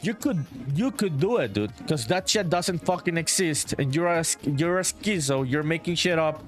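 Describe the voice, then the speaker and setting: Profane, laid-back man, higher voice. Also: expressive, normal speed, soft background music. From Honduras. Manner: laid-back, profane, reads chat aloud and answers it. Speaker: solo indie game developer and streamer. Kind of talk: casual live-stream chat. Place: home in a small town.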